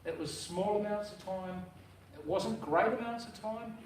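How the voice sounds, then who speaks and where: A man with a high voice delivers a casual, blunt eulogy, full of slang and the odd swear word. He sounds distant from the mic in a very echoey room. A faint hum of the room sits behind him. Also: a little slow. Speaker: brother-in-law giving a eulogy. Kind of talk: informal eulogy at a memorial service. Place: memorial service venue.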